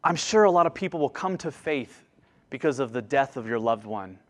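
A man preaching a sermon to a congregation in an earnest way, rising to emphatic lines and dropping to hushed, quieter asides. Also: expressive, normal speed. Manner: earnest, swings between emphatic rises and hushed low asides. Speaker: pastor.

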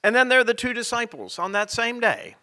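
A man preaching a sermon as rector, telling stories with dramatic pauses. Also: extremely high pitch, very animated, sharp tone.

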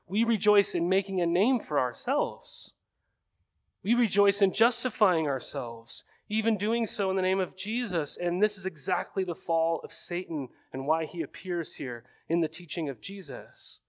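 A man in his thirties preaching a sermon in a conversational way, often checking in with rhetorical questions. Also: a little high. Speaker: pastor.

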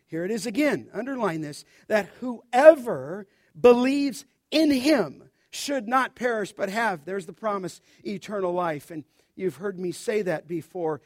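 Male pastor, high-pitched, emphatic sermon delivery, close dry recording. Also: dry recording. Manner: emphatic, addresses listeners directly. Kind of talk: expository sermon.

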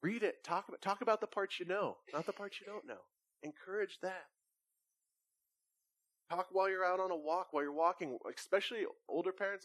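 A man's voice: high voice, fairly quick, dry recording. Conversational male pastor preaching in a dry room. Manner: conversational preaching with animated anecdotes. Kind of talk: sermon.

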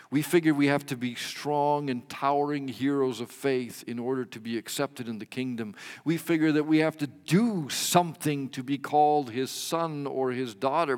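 A man preaching a sermon as a pastor, measured, rising to emphatic swells and dropping his voice at the ends of lines. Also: mid-range voice, big-room sound.

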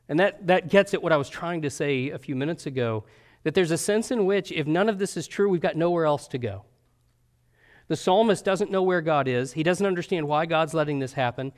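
A man delivering a sermon in an earnest, conversational manner. His voice sits a little high for a man. He often stops to check in with his listeners, asking "right?" as he goes. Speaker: preacher.

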